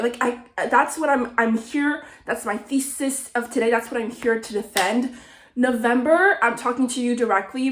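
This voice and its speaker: A young woman vlogging a casual, animated rant, a little sick and swearing often. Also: fairly high pitch, roomy sound. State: slightly sick. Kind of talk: casual ranting monologue.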